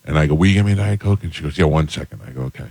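A man's voice: extremely low pitch, rapid-fire, creaky, a little mellow, breathy edge, no room sound. A man hosting a morning radio show, telling stories in a dry way. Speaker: radio host. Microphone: studio microphone.

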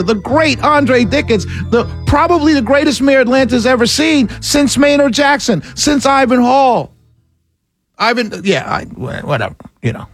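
A man's voice: very high voice, creaky, slightly rough, dry recording. A male talk show host giving a political commentary monologue, laughing often and slipping into a mock-preacher cadence.

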